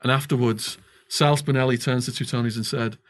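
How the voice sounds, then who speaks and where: A man's voice: mid-range voice, fairly even intonation, a little fast. A middle-aged English man, a podcast guest, telling a long story and acting out the quoted dialogue. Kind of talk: storytelling interview.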